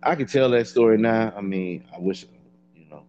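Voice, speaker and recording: A man's voice: lowish voice, moderate pace. A man in casual podcast chat, blunt and profane, telling his story dryly. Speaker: podcast co-host.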